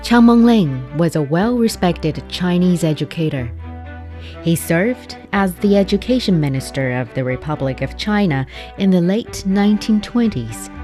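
A woman giving a calm scripted introduction to an audiobook. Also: deep voice.

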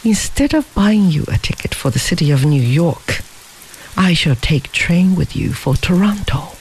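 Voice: medium pitch, lively intonation, a little slow, darkish tone, a little hiss or hum, poor audio. A narrator voicing a strong, protective grown man on the run, speaking in formal, old-fashioned phrasing. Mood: earnest. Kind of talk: audiobook character reading.

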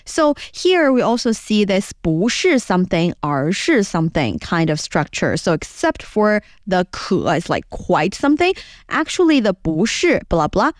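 Lively woman teaching Chinese phrases. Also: a little slow, no room sound, clean studio sound. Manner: explains patiently with lively, swooping pitch. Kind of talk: conversational language lesson.

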